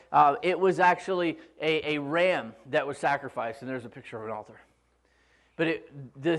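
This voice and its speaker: A high-voiced man preaching in church. He talks in a relaxed, conversational way and slips in humor as he retells a story. His delivery often slows for emphasis. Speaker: pastor. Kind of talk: sermon.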